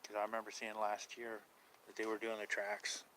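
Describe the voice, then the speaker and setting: A man's voice: on the low side, completely flat delivery, moderate pace, bright, forceful tone, slight background noise, poor audio. A man chatting casually on a live stream about paranormal outings, rambling, unsure and trailing off mid-thought.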